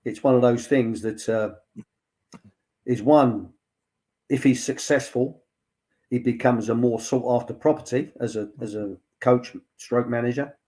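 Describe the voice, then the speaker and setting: A man's voice: mid-range voice, fairly even intonation, measured pace, dark tone. Older man telling football stories. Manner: chatty storyteller, lots of "he said" and fillers. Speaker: former football academy director, guest. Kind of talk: anecdotal casual chat.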